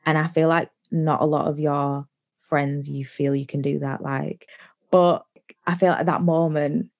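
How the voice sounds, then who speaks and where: A woman's voice: low-pitched, level tone, darkish tone. A young woman casually telling a personal story on a podcast, chatty with lots of "like" fillers. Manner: chatty, many likes, quick bursts of laughter-ready storytelling. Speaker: podcast guest.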